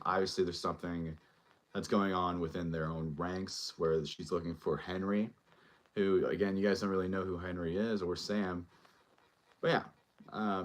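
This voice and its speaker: A male show host giving a casual, rambling recap and review of a TV episode, full of fillers as he retells scenes. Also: sits low.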